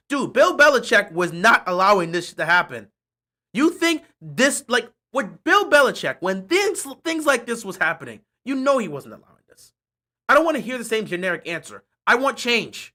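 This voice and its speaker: Fan host on a live reaction stream: bright, sharp tone, sarcastic, fed up, repeats himself for effect. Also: mid-range voice, very animated, moderate pace. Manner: frustrated, sarcastic and repetitive.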